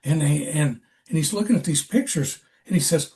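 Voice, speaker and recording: An older man, an actor, telling a story in a casual interview with a halting, rambling manner and many restarts. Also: fairly high pitch, a little mellow. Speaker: actor, podcast guest.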